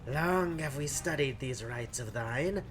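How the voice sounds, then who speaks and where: A woman voicing a solemn old female bog witch who speaks in hushed, formal, archaic phrasing. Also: very deep voice, lively intonation, measured pace, background noise, pitched below the performer's own voice.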